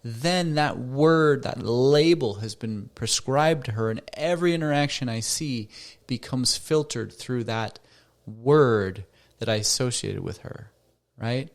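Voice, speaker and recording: A man's voice: mid-range voice, a little slow. A middle-aged man hosting a solo podcast as a counselor, talking conversationally and asking rhetorical questions. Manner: conversational, rhetorical questions, acts out quoted voices.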